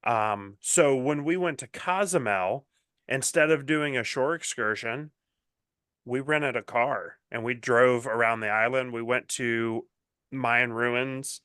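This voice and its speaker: A man co-hosting a podcast, telling stories in a relaxed, self-mocking way. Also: medium pitch, slow, clean tone, dry recording, studio quality. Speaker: podcast co-host. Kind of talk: casual chat.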